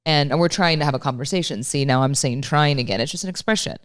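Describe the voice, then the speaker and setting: A woman's voice: deep voice, quick pace, clear, resonant tone, no echo, clean studio sound. A woman co-hosting a podcast, telling stories in a candid, exasperated way and swearing often. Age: late 30s. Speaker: podcast co-host. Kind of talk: casual podcast chat.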